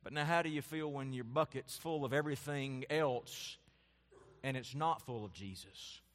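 This pastor speaks in a mid-range voice at a moderate pace, his sermon moving from emphatic, ascending lists down to quiet, soft-spoken asides. The setting sounds like a large hall.

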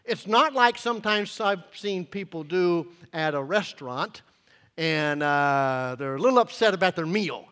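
A fifties-aged male preacher with a high-pitched voice, speaking in a folksy, earnest way. He hesitates and restarts often, and his voice carries a long hall reverb, as if in a large church. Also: expressive, measured pace, a bit bright, clear, resonant tone. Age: 50s. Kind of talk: sermon with personal storytelling.

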